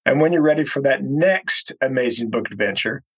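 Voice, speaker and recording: A man's voice: mid-range voice, expressive, brisk, husky, poor audio. A man hosting a podcast, reflecting on his guest's story and wrapping up the episode with a sponsor read. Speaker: podcast host. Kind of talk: podcast interview host.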